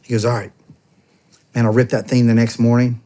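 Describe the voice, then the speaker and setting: A man's voice: medium pitch, little pitch movement, brisk, mellow. Man telling a rambling army story. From United States. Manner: rambling, heavy on "I'm like" and quoted dialogue. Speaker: podcast guest, former soldier and police officer. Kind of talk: casual storytelling in a long-form interview.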